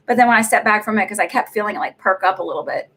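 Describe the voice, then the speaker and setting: A woman's voice: medium pitch, lively intonation, racing, bright, forceful tone. A middle-aged woman hosting a psychic reading livestream, chatting casually and rambling with lots of fillers and laughs. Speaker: psychic medium livestream host.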